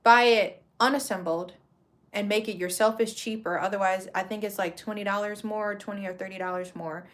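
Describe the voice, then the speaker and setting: A woman in her thirties talks through a craft vlog in easy, slang-filled chatter. She rambles and corrects herself as she goes, at a middling pitch for a woman. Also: a little hiss or hum. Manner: relaxed slang-filled talk. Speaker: craft vlogger. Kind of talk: casual chatty product walkthrough.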